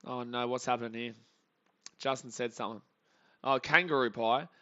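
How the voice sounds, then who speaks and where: A young Australian man hosting a live baseball reaction stream, joking with chat and calling pitches, swinging from muttering to shouting. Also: normal speed, lo-fi sound. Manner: excitable, jokey, swings between muttering and shouting.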